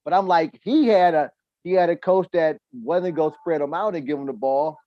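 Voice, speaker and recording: A man's voice: on the high side, moderate pace, no echo, highs cut off. A man hosting a podcast, telling sports stories in loose, profane casual chat full of restarts and asides. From United States. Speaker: podcast host.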